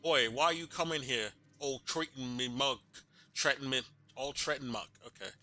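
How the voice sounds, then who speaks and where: Guy doing scrappy cockney bug roach keepers, gruff and slangy, bright tight voice. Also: mid-range voice, moderate pace, no room sound, lightly acted. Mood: gruff wary. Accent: put-on Cockney. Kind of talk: reading game dialogue aloud.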